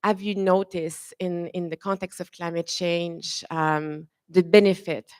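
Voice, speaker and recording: A woman moderating a conference panel, chatty and warm to her guests, with many fillers and restarts. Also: on the low side, fairly even intonation, measured pace, clear, resonant tone, no echo. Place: conference room.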